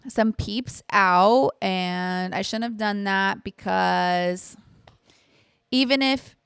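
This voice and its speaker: Rambling young woman, gravelly and dry. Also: medium pitch, very slow, a bit bright, no echo. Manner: rambling and candid, fillers and swearing. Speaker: podcast host. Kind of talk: casual chat, storytime.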